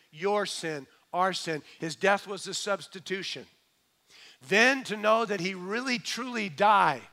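A middle-aged male pastor delivers a sermon, building up to emphatic points before falling back soft and low.

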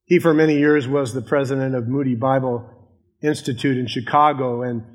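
A man's voice: mid-range voice, fairly even intonation, a little fast, big-room sound. An older man, a pastor of many decades, preaching an earnest sermon and repeating his key lines.

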